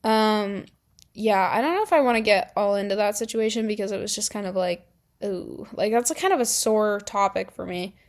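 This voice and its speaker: A young adult woman telling high school stories in a casual vlog, chatty with lots of filler words and exasperated outbursts. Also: normal speed. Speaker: vlogger.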